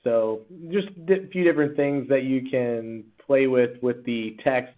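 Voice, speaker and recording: A man walks through a software tool in a relaxed, chatty teaching voice, full of "uh"s and false starts. His pitch sits in the middle range. The audio is tinny and narrow, like it came over a phone line. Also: a little slow. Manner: casual, chatty, with frequent fillers and restarts. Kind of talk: screen-recorded software tutorial.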